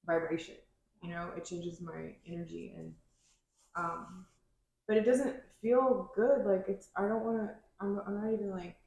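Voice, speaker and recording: A woman's voice: medium pitch, measured pace, creaky, a little mellow. Rambling woman in a very echoey room. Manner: rambling, searching for words, many fillers. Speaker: podcast co-host. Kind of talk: casual chat.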